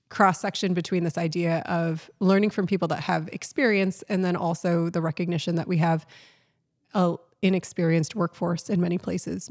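Woman co-host, low voice, casual podcast talk, thoughtful, pausing explanations. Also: darkish tone. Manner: thoughtful, explains at length with pauses.

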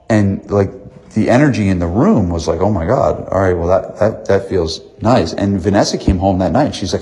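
Husky-voiced man giving business advice. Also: low voice, lively intonation, fairly quick, dark tone. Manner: earnest, repeats himself for emphasis. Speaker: gym owner and business coach. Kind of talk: casual motivational talk.

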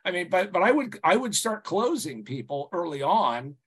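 As a consultant guest on a podcast interview, a man tells animated, rambling stories peppered with "you know," restarts, and casual swearing. His high-pitched voice is slightly rough and moves at a normal speed.

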